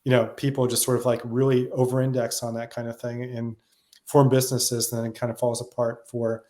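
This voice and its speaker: Man, interview guest, brisk talker, reflective, filler-heavy casual chat. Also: mid-range voice, little pitch movement, darkish tone. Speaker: guest, software consultant.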